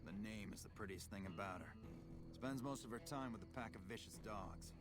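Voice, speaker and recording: A man as a hard-bitten video game officer: low, clipped, profane, over game music. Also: fairly quick, close to an everyday voice. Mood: grim. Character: gruff hard-bitten male army officer.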